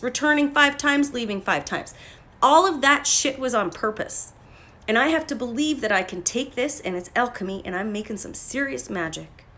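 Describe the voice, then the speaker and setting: A woman life coach talking casually on a phone livestream. She is blunt and profane and breaks into loud, emphatic bursts. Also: a little high. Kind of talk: casual motivational livestream talk.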